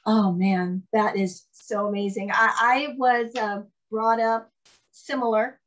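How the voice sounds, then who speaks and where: A woman's voice: a little high, fairly even intonation, takes it slowly, poor audio. A woman from Ohio hosting an interview, affirming her guest and asking questions. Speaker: host. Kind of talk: conversational interview.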